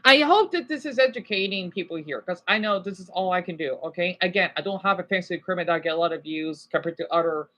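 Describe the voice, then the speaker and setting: Talking fast with few pauses, this woman has a lowish, slightly bright voice on a muffled recording. She's an American from Arizona ranting in a rambling livestream from a basic home setup, stressing her points with repeated "okay?"s.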